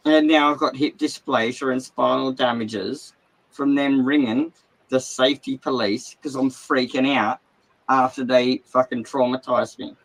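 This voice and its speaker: An Australian man talking straight into his livestream, rambling and agitated and swearing constantly. His voice sits at an ordinary middle pitch, and he talks to the viewers in a loose, unplanned way from inside his caravan. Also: steady tone, moderate pace, low-quality recording. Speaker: livestream host. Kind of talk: casual livestream rant.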